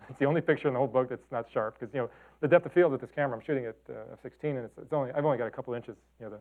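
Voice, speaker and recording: A man's voice: mid-range voice, racing. A middle-aged man from the talking casually about his photographs, rambling with lots of fillers and restarts. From Chicago and Detroit. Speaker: photographer giving a talk. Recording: tinny phone-like sound.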